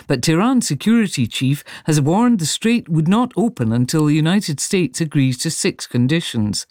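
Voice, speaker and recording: A man's voice: a little high, darkish tone, no room sound. Male newsreader, formal bulletin delivery, dry studio mic. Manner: measured, formal reading. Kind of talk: scripted news bulletin. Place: radio studio.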